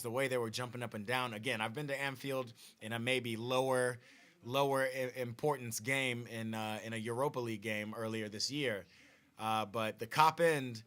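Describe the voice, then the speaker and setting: A man hosts a football watch-party stream, talking loosely and reading viewers' comments aloud. His voice is bright and forceful, sits at a medium pitch, and his sentences often stop and restart. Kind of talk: casual live-stream football chat.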